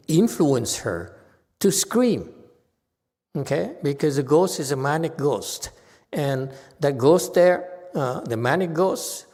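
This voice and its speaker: Man teaching in a reverberant hall. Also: medium pitch. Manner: animated, chuckling, repeats himself. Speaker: Buddhist teacher. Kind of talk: Dharma talk and Q&A.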